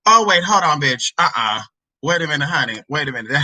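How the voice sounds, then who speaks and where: A woman's voice: deep voice, big pitch swings, fairly quick, bright, forceful tone, husky, rough recording. A woman talking casually to her viewers in a sassy, profane way, stopping to read scripture aloud. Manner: sassy, profane, chatty, drawls "honey" and "girl". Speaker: spiritual reader answering a viewer's question. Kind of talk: casual vlog with scripture reading.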